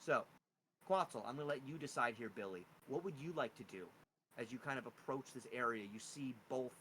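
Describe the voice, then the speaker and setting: A man's voice: mid-range voice, a little fast, bright, forceful tone, slight background noise, low-quality recording. A man narrating a tabletop game as game master, describing scenes casually and humming little sound effects.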